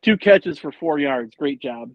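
A man with a fairly high voice chats about sports in a rambling, animated way, full of fillers and swearing. The sound is dull and lo-fi, and dry, with no room echo. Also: measured pace. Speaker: podcast co-host. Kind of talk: casual sports chat.

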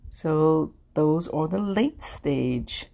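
A woman's voice: deep voice, lively intonation, very slow, gravelly, warm tone. A middle-aged woman hosting a podcast, talking earnestly in a casual way, often repeating herself with fillers. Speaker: podcast host. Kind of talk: casual informational podcast talk.

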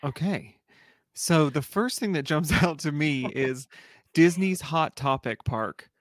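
A man's voice: fairly high pitch, slow, no room sound. A man chatting as a podcast guest, feeling his way through ideas with stops and restarts. The recording is close and dry, with no room sound. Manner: hesitant, thinks aloud with restarts and laughs. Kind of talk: casual chat.

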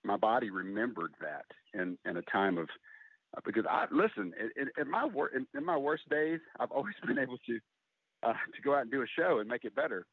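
Middle-aged male guest, candid and halting, mid-range voice, thin phone-like line. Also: medium pitch, lively intonation, slightly rough, no room sound. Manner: open, earnest, halting. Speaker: guest, country singer. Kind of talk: candid interview talk. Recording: tinny phone-like line, dry.

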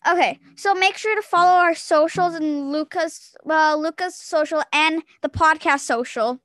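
A young woman hosting a casual podcast chat, excitable and giggly. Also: high-pitched, normal speed. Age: young adult. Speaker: podcast host.

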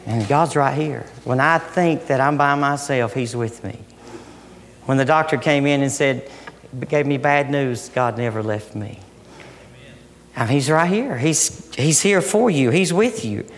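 A middle-aged man preaching a sermon with passion, swinging from loud emphatic lines down to soft, hushed ones. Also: medium pitch, vocal fry. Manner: impassioned, rising and falling between loud emphasis and soft near-whispers. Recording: long hall reverb.

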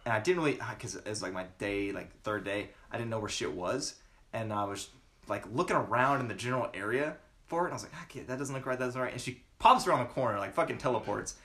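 A man's voice: medium pitch, animated, fast talker, fairly bright tone. A young man from the Southern United States casually telling funny workplace stories, laughing often and imitating coworkers. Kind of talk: casual storytelling chat.

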